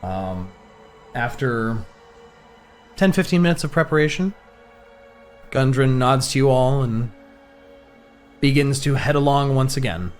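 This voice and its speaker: A man narrating a tabletop game as game master, in a halting, thoughtful way. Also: mid-range voice, lively intonation, soft background music.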